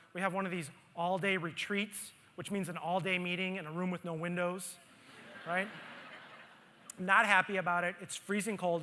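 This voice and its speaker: A man speaking at a conference, telling a story from his own life in an animated way and acting out his own grumbling. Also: high voice. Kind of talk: storytelling talk on stage. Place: conference hall stage. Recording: long hall reverb.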